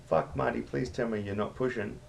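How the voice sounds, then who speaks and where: A man voicing his crude, boozy mate, who swears loudly and laughs a lot. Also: mid-range voice, steady tone, a little fast, gravelly, pitched above the performer's own voice. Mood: rowdy. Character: crude boozy male Aussie mate, loud.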